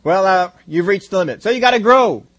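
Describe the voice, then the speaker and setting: A man preaching a sermon, animated, repeating phrases for emphasis and acting out a crowd's reactions. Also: high voice, fairly quick. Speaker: pastor.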